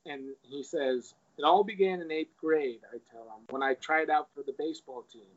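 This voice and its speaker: Relaxed man retelling an essay, lo-fi. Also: on the high side, normal speed. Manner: relaxed, reads quoted passages aloud. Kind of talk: casual chat, retelling an essay. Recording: dull lo-fi recording.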